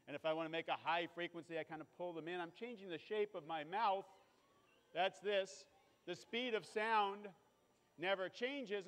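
A man's voice: high-pitched, a bit bright, big-room sound, poor audio. A man presenting a live science demonstration to an audience, explaining in a casual, playful way. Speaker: physics show presenter.

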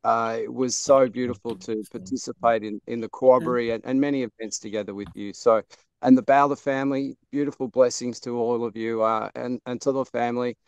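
Australian man, smooth and even. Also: mid-range voice, brisk, no echo. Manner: soft, flowing, repeats "beautiful". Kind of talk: warm blessing on a video call. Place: outdoors under a tree.

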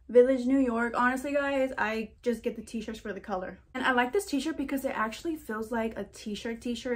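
A young woman vlogger chatting casually to camera during a try-on haul, gushing and talking in a loose, chatty way. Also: fairly high pitch. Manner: chatty and gushing, says freaking and oh my gosh a lot.

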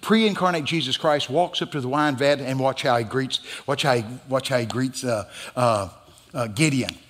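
A man preaching a guest sermon in a church, dramatic and emphatic, building to loud peaks. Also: mid-range voice, normal speed. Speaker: guest pastor. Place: church sanctuary. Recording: church hall with long reverb.

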